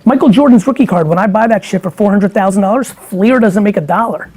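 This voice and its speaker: A man's voice: high voice, fast, darkish tone. A middle-aged man talking casually as an interview guest, emphatic and profane, often rambling through his points.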